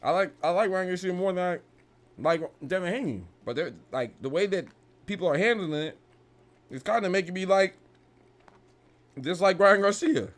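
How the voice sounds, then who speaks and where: A young man hosting a casual boxing podcast, talking in a heated, animated way and peppering his lines with "bro" and profanity. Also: high-pitched, normal speed, long pauses. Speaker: podcast host.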